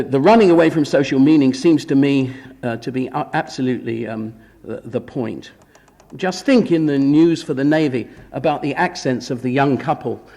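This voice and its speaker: A man's voice: mid-range voice, gravelly, darkish tone. A man giving an academic lecture at a film conference, with wry, ironic asides. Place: conference hall. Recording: long hall reverb.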